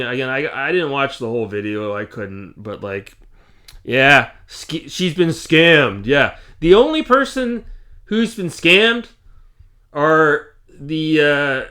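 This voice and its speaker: A man's voice: mid-range voice, a bit bright. A Canadian man hosting his gaming channel, ranting casually to camera in an exasperated, repetitive way.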